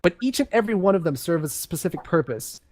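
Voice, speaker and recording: A man's voice: high-pitched, animated, fast, darkish tone, no room sound. A young man reading game lore aloud on voice chat, breaking off for chatty, self-mocking asides. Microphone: headset on voice chat.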